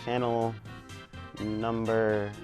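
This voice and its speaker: A man's voice: fairly low pitch, completely flat delivery, drawn-out words, a little mellow, soft background music. A man playing a cheesy game show host with breezy, showy quiz patter in a spoof commercial. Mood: chipper.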